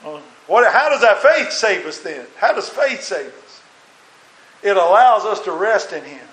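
A man's voice: sits high, big pitch swings, a little slow, fairly bright tone. A man preaching a sermon as a minister, earnest and full of rhetorical questions. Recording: roomy echo.

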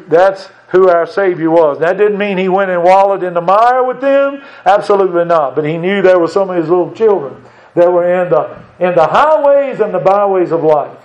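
A man's voice: sits high, darkish tone. A man preaching a folksy church sermon, talking conversationally and asking the congregation rhetorical questions. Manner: conversational, asks rhetorical questions, chuckles now and then. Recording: dull lo-fi church recording.

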